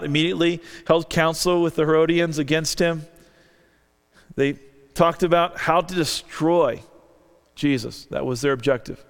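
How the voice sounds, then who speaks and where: A man's voice: a little high, clean tone. A man preaching a sermon, earnestly reading scripture aloud and lifting his voice for the quoted lines. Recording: long reverb of a large hall.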